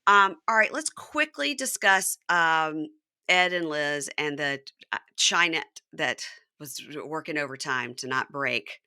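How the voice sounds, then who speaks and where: A woman in her thirties recaps a reality show in easy, chatty podcast talk, jumping into animated voices whenever she quotes someone. Her voice sits a bit low yet sounds very bright and forward, recorded close and dry with no room around it. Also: a little slow, smooth, dry recording. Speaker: podcast host. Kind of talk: casual recap chat.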